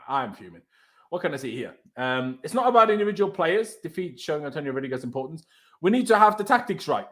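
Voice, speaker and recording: A young man hosting a heated football reaction chat, his high voice leaping all over the place as he rants. He swears, fires off rhetorical questions and sounds thoroughly exasperated. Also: a bit bright. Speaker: fan channel host.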